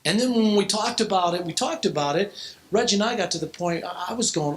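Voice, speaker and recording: Man preaching, dropping to hushes. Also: sits high, lively intonation, a little fast, a little hiss or hum, rough recording. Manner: storytelling, with restarts and sudden drops to a hush. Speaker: pastor. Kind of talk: sermon to a youth group. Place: church hall, in front of students.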